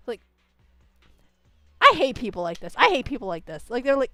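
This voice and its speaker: Woman game streamer, ranting commentary, crisp close voice, dry sound. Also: fairly high pitch, a little fast, no room sound. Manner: animated, ranting, swears a lot. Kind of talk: casual reaction commentary.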